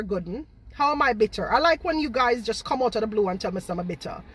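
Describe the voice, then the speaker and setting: A woman's voice: medium pitch, animated, normal speed, hardly any pauses, sharp tone, breathy edge, no echo. A woman, a home baker, ranting to her viewers on a live stream, exasperated and repeating herself. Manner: exasperated, repetitive, talks straight to viewers. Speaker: home baker and online seller.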